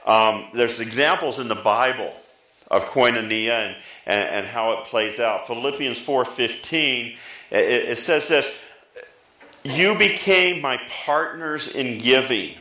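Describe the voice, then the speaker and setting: Lively pastor with a bright voice. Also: male voice, measured pace, echoey room, low-quality recording. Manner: lively, pitch jumping up for emphasis, talks back and forth with the congregation. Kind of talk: sermon.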